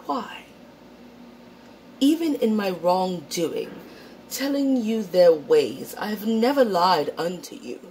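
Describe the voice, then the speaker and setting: Woman doing a pompous shakespearean preacher guy, all thee and thou, high put-on voice. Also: expressive, slow, darkish tone, slight background noise, poor audio. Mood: aggrieved. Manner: theatrical mock-Shakespearean recitation, grandiose. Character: pompous self-righteous man preaching in archaic old English.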